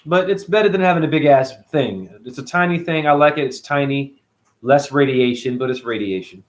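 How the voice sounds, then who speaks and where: A man's voice: medium pitch, fairly quick. A middle-aged man hosting a spiritual livestream, ranting in a profane, preachy way and answering his chat.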